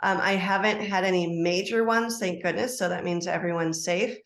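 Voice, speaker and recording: A middle-aged woman, a life coach, telling a personal story as a podcast guest, animated and acting out quoted dialogue. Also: lowish voice, normal speed. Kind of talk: storytelling interview answer. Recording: roomy echo.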